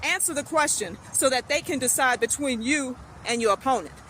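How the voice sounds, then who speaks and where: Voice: sits high, expressive, brisk, a bit bright, a little hiss or hum, poor audio. A speaker lecturing straight to camera in a repetitive, emphatic rant. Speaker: social media commentator. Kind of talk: direct-address rant to camera.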